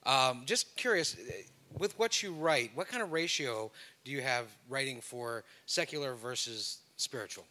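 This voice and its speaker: A man's voice: mid-range voice, normal speed, bright, forceful tone. A man, a youth pastor from Pennsylvania, asking a question from the audience in an earnest, grateful way.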